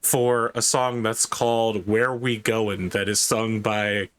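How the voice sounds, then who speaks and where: A man's voice: lowish voice, little pitch movement, slow pace, fairly bright tone, clean tone. A man narrating as game master of a tabletop role-playing game, with wry humor.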